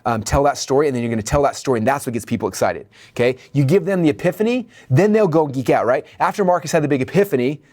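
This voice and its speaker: Male business coach, quick and energetic delivery, acts out dialogue in his stories, middle-range pitch. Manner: energetic, checks in with "okay?" and "right?". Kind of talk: training lesson.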